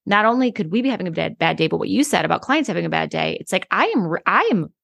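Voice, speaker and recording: A woman co-host in a casual chat, emphatic and quick to agree. Her voice sits low with a strong vocal fry, and the dry recording has no room echo. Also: expressive, fairly bright tone. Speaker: podcast co-host, hairstylist.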